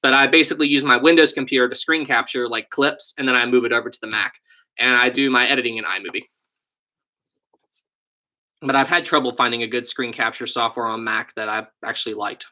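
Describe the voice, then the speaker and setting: A man's voice: mid-range voice, steady tone, fairly quick, sharp tone. A young man with a West Virginian accent, hosting a casual live stream and chatting through viewer questions. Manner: chatty, reads and answers viewer questions, thinks aloud. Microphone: desk USB microphone.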